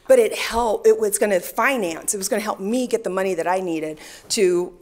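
A middle-aged woman speaking at a leadership event. She tells her stories with energy and slips into the voices of the people she quotes. Her pitch sits in an ordinary middle range for a woman. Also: brisk, few pauses. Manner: animated storyteller, acts out quoted voices. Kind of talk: storytelling talk to an audience.

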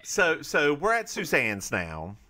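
A man with a bright, fairly high voice, co-hosting a podcast. He recaps a TV episode in casual, gossipy chat. He keeps quoting the characters along the way. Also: huge pitch swings, takes it slowly. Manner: chatty, gossipy, quotes characters. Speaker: podcast co-host.

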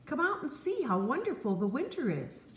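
A woman voicing a cheerful, eager male frog in a children's storybook, with a bright coaxing voice. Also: high voice, huge pitch swings, normal speed, slight background noise, voice pushed up, full character voice. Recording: roomy echo.

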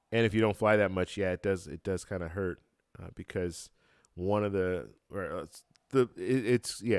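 Man, live-stream host, relaxed rambling chat, many fillers, smooth tone, dry close mic. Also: deep voice, no echo. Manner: relaxed, halting, many fillers and restarts, laughs easily. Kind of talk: casual live-stream chat reading comments. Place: home room with a computer fan. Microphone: close-up microphone.

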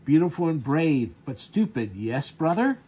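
A man's voice: on the high side, sing-song, a little slow, mellow, husky, voice pushed up, exaggerated voice. A man reading out the lines of a cruel, boastful young male Viking warrior from a comic, in a sneering tone. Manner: sneering, mocking, read aloud from a comic.

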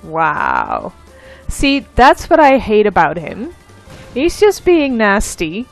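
A woman giving casual let's play commentary, easily frustrated, swearing and shouting at the game, then laughing at herself. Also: mid-range voice, wildly swooping pitch, slow pace, vocal fry, soft background music.

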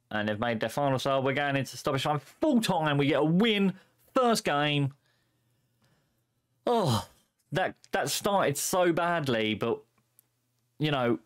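A young man commentating a football management game on stream in a playful way, chuckling often and cracking puns. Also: medium pitch. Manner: chuckling, punning, excitable.

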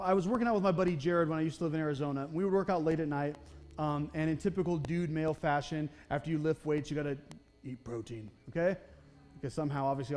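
A man's voice: fairly high pitch, darkish tone. A young man preaching a sermon in a church, conversational and self-deprecating, often checking in with "okay?". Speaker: pastor. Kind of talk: sermon with personal storytelling. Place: church sanctuary.

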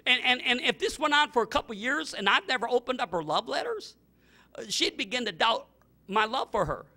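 A middle-aged male pastor preaching a fervent sermon, repeating himself and breaking into sudden loud outbursts. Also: extremely high pitch, sing-song, a little fast.

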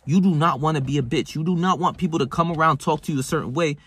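A man's voice: on the high side, fast talker, a bit bright, husky, no room sound. A young man giving a blunt, profane motivational talk, full of "right?" and restarts. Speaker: self-help vlogger. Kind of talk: casual motivational monologue to camera.

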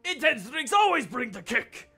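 A man putting on a bossy jealous bar customer, high raspy accented voice, swooping, haughty, music behind. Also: sing-song, sharp tone, full character voice. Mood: smug, wheedling. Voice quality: gravelly, breathy put-on accent. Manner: haughty, demanding, quick to flare up.

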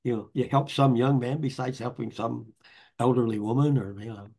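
Older man with a gravelly, husky voice. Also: medium pitch, normal speed. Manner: rambling, warm anecdotes with restarts. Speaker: author and guest. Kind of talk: conversational storytelling.

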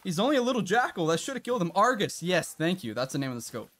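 Excitable male game streamer. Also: high-pitched, fast. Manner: chatty, reacts loudly with laughs and gasps. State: out of breath at times. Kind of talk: live gameplay commentary.

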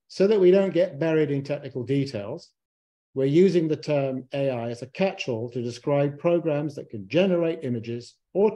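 Man introducing a panel, mellow voice. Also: medium pitch. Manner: measured, with occasional restarts and wry asides. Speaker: panel moderator. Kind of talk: scripted introduction to a panel talk. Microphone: online broadcast.

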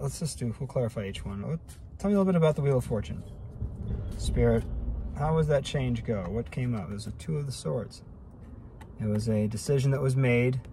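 A man's voice: medium pitch, a little hiss or hum. A man giving a casual daily tarot reading, thinking aloud and asking spirit about each card. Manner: relaxed, musing, talks to spirit while drawing cards. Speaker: tarot reader.

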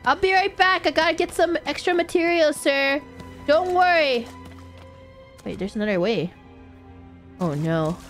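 A woman streamer talking casually over gameplay, often laughing and yelling at the game. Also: high-pitched, lively intonation, measured pace, long pauses, soft background music.

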